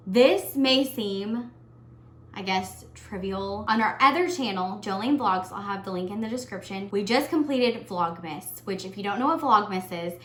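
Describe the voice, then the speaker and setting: A woman's voice: mid-range voice, a bit bright. Earnest young woman vlogger, echoey room. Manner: earnest, heartfelt, gets emotional. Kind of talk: casual year-end tag vlog.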